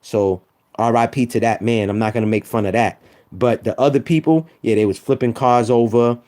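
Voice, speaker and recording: A man's voice: medium pitch, normal speed, warm tone. A man trash-talking rival sports fans on a live stream, teasing and repeating himself for emphasis. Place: home room.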